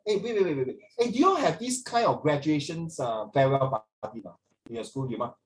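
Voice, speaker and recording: A man's voice: a little high, lively intonation, quick pace, rough recording. A man teaching a casual lesson, switching between English and Mandarin and teasing his students. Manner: playful, teasing.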